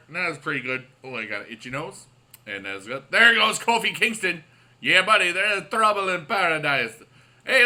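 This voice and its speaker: A man's voice: mid-range voice, bright, forceful tone. A man casually commenting on his mobile wrestling game late at night, upbeat and rambling, with many fillers and restarts. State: up late on caffeine. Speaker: YouTube gaming host.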